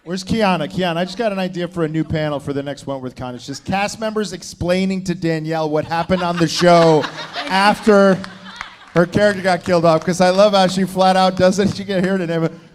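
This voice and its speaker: A man's voice: sits high, fairly quick, slight background noise. A man moderating a convention panel Q&A, joking in an easygoing way. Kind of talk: casual moderating. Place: convention hall.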